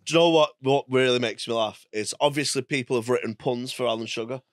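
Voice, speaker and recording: A man's voice: medium pitch, fast, no echo, clean studio sound. A man, a comedian ranting and mimicking people in casual podcast chat. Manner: rants and mimics people with exaggerated quotes. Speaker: comedian guest.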